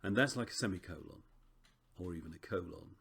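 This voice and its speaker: Low gravelly man teaching. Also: a little fast. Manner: relaxed, chatty, frequent ums and self-corrections. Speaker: Greek teacher. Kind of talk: recorded lesson walkthrough.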